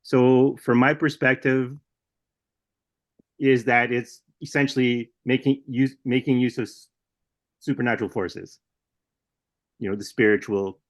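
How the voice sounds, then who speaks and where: A man's voice: medium pitch, no echo, lo-fi sound. Easygoing man podcast host. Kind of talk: casual podcast chat.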